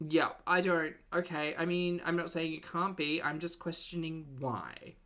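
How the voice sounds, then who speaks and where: A woman's voice: deep voice, unhurried, fairly bright tone. A woman giving mocking reaction commentary and wry asides to her chat.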